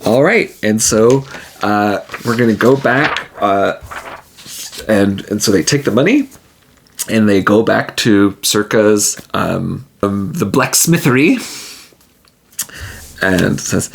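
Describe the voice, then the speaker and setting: A man narrating his own solo tabletop game in a rambling, loose style, with a gravelly, creaky voice. His pitch sits in the middle and he speaks slowly. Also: expressive. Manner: rambling, laughing often.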